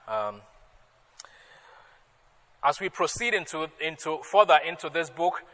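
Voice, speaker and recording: A male pastor preaching a sermon, emphatic and rising loudly when he quotes scripture. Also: on the high side. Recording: long hall reverb.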